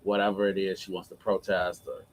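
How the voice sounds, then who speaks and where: A man's voice: sits low, completely flat delivery, fairly quick, poor audio. Playful, opinionated male co-host. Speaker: co-host, executive producer. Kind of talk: casual live-stream chat.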